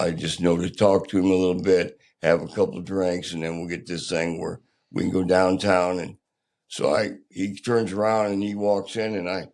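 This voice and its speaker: An older man, a podcast guest, telling his own story candidly in a plainspoken, halting, rough-edged way. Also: low voice, darkish tone.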